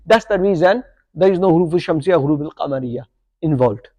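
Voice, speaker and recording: A man's voice: a little high, animated, a little fast, a little mellow, dull audio. A man teaching an Arabic grammar lesson to a live class, quizzing students and checking in with "okay?" and "yeah?" as he goes. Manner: corrects his own slips aloud.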